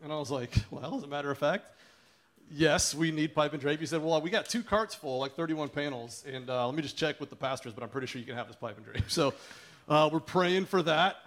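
A man's voice: on the high side, a little fast, a bit bright. A man who is starting a new church, telling a congregation a testimony and acting out what others said to him. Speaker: church planter. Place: church service.

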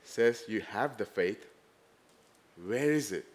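A man preaching a sermon, animated, rising loud and dropping to hushed tones as he acts out the story. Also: lowish voice, slow pace.

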